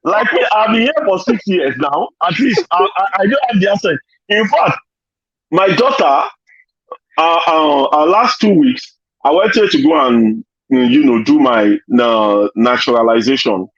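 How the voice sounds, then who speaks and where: Nigerian man, high-pitched husky voice, rambling anecdotes with "you know" fillers, dry lo-fi call sound. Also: expressive, a little slow, fairly bright tone, dry recording. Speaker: panel guest. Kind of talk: casual online panel chat. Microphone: video call.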